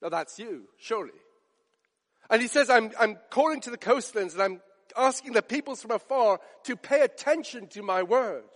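A man delivers a sermon in a high, earnest voice, pressing each point with emphatic repetition. The sound carries a long reverb, as in a large church. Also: animated, normal speed. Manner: earnest, emphatic, repeats phrases for effect. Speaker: preacher.

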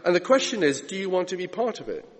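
A man's voice: high-pitched, very animated, fast. A man preaching a sermon with a dramatic delivery, stretching out key words. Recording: long echoey church reverb.

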